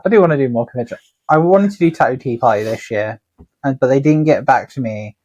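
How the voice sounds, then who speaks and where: Bloke, husky voice, rambling sweary stories on a podcast. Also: male voice, mid-range voice, fast, a little mellow, highs cut off. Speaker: podcast co-host, tattooer. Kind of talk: casual storytelling chat.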